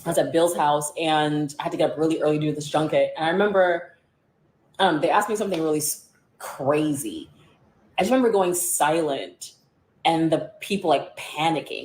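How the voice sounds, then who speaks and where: A woman's voice: deep voice, lively intonation, normal speed, darkish tone. Blunt, sarcastic woman in an echoey room. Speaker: media personality and author. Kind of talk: candid interview storytelling.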